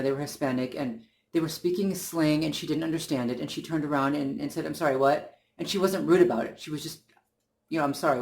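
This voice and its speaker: A man talking in a casual monologue, earnest and indignant, often restarting his sentences as he works through his point. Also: a little high. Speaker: channel host.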